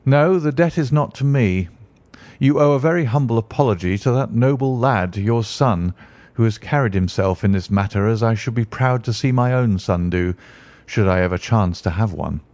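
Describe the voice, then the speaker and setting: A man voicing a calm, stern detective who explains in a measured way. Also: fairly low pitch, no echo.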